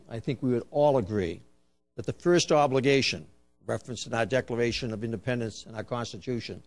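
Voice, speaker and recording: An older man with a strong Boston accent delivers a public speech. He speaks in a measured, emphatic way, laying points out like a lecture and slipping in dry humor. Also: mid-range voice. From United States. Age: 60s. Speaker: police commissioner giving a speech.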